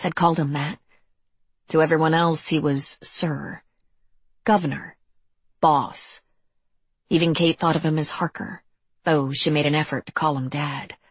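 A woman narrating an audiobook in a measured, deliberate storytelling manner. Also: sits low, slightly rough, no echo.

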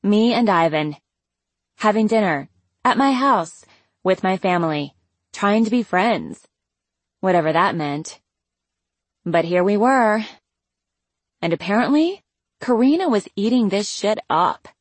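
A woman narrating a first-person audiobook in a wry, expressive way, close to the mic. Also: medium pitch, measured pace, pauses often, no echo.

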